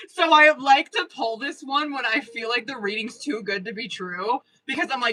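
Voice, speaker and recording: Profane, excitable woman reading tarot live. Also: fairly high pitch, normal speed, rough recording. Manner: profane, excitable, laughs often; slangy, chatty, addresses viewers as girl and boo. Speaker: tarot reader. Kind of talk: casual live-stream reading.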